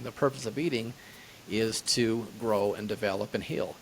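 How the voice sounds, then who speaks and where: Low gravelly-voiced male chiropractor guest. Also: steady tone, a little fast, slight background noise. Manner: hesitant, lots of fillers and restarts. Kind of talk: casual interview answers.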